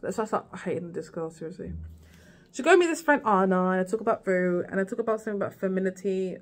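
A woman's voice: mid-range voice, lively intonation, quick pace. A woman vlogging a casual, rambling recap of a TV series, full of "like" and "girl" asides.

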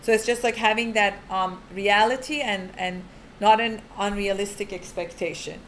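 A woman's voice: mid-range voice, steady tone, moderate pace. A woman talks through a teaching in an easy, chatty way. She is frank and down-to-earth and often fills her sentences with "like." A faint hiss of noise sits under her voice. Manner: chatty, full of "like" fillers. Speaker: teacher of Jewish family purity laws. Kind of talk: casual explanatory talk.

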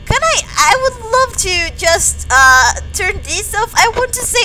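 Woman streamer, very high and lively voice, jittery and repetitive, music behind. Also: unhurried, hardly any pauses, rough recording. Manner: jittery, repeats herself, gasps and yelps. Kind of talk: horror game live-stream reactions.

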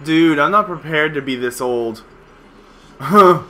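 A young man with a high, bright voice runs casual gaming commentary. He talks at an unhurried pace but swings his pitch widely. He laughs often, swears freely and bursts out in excitement. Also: a little hiss or hum. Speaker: let's play host.

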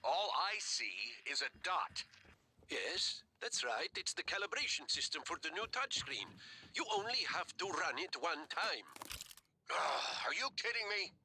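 A man's voice: sits high, very animated, a little slow, sharp tone, a little hiss or hum, heavily acted. An actor playing a nervous male office worker on a call, fumbling and apologetic. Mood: flustered.

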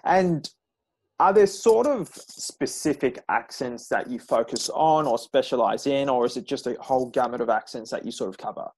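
A man's voice: mid-range voice, normal speed, slightly rough. A man hosting an interview, answering with brief affirmations and asking long, loosely phrased questions with fillers. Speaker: interviewer host. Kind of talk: casual interview chat.

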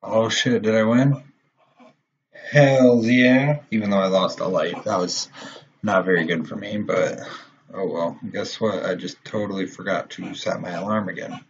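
A young man commentating his own gameplay, swearing often and quick to get frustrated. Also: deep voice, steady tone. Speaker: gaming channel host. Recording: dull lo-fi mic with faint noise.

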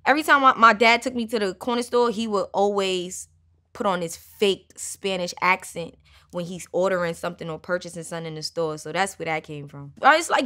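A woman rapper from Brooklyn, casually breaking down her song in a lively way and dropping into ad-lib sounds. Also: on the low side, brisk. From Brooklyn, New York.

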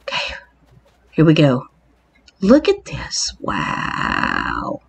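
A woman hosting a playful island tour in a game, excitable and mock-scared, exclaiming often. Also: deep voice, very slow, gravelly, slightly rough. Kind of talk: playful game walkthrough narration.

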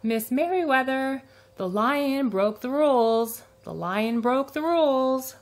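A woman voicing a fussy, busy male librarian in a storybook, speaking loudly and insistently. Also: fairly high pitch, expressive, normal speed. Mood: exasperated. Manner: loud, exasperated, insistent.

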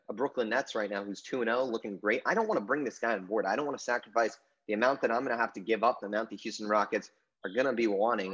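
Man, sports podcast co-host, rapid casual chat, rambling with fillers, dull lo-fi recording. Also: on the low side, fairly bright tone, slightly rough. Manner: rambling, heavy on "I mean" and "you know" fillers.

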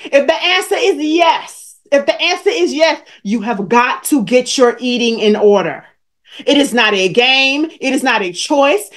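A woman over forty coaching viewers on a live stream, emphatic and preachy, repeating her points and calling out people in the chat by name. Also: high-pitched. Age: 40s or older. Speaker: weight-loss coach hosting a live stream.

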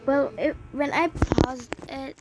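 A woman from the Philippines, giving excitable, chatty commentary on her gameplay with many exclamations. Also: sits high, takes it slowly. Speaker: gaming channel host. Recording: clear background noise with clicks.

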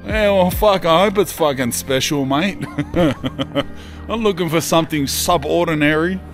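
In this casual travel vlog, an Australian man strolls around town and pops into shops, joking and swearing as he pleases. His voice is a little high, his pace is moderate, and faint music sits behind him.

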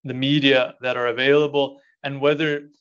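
Solemn monk giving a keynote. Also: male voice, medium pitch, little pitch movement, a bit bright, highs cut off. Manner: measured and solemn in the speech, hesitant with many fillers in answers. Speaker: monastic prior giving a keynote. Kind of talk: formal keynote speech, then Q&A answer. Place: conference hall.

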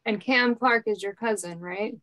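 A woman's voice: mid-range voice, moderate pace, a bit bright, no room sound, poor audio. A woman hosting a podcast interview, reacting with short affirmations and easy laughs. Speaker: podcast host. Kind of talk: interviewer chat.

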